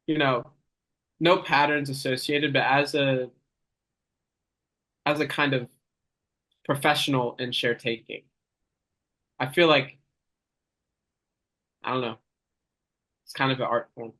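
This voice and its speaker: A young man answering absurd questions in a mock interview, with a rambling, halting, mock-serious manner. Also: medium pitch, steady tone, sharp tone, poor audio.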